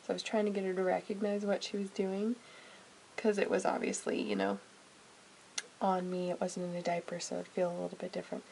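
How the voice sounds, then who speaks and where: A woman's voice: lowish voice, completely flat delivery, fairly quick, creaky, a little hiss or hum, rough recording. Chatty woman vlogging from her closet. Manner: chatty, frequent "um" and "you know", drifting softer. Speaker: family vlogger. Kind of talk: casual vlog talk to camera. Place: home closet.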